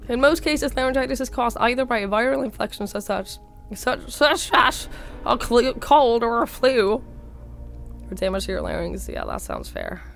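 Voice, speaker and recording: A young woman from Norway with a slight Norwegian accent, speaking hoarsely while sick, chatting casually on a live stream and thanking viewers by name. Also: on the high side, sing-song, normal speed, fairly bright tone, soft background music. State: hoarse, sick with a sore throat.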